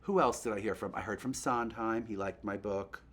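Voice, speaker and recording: A man hosting a show, chatting in a gossipy comic monologue to a puppet and breaking into quick impressions. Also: on the low side, steady tone, fairly bright tone. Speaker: host.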